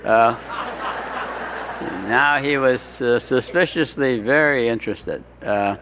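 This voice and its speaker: A man's voice: mid-range voice, takes it slowly, a bit bright. A man telling a humorous personal recovery story in a wry, self-mocking way, chuckling as he talks. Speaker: speaker sharing his recovery story. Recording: dull lo-fi recording with faint hiss.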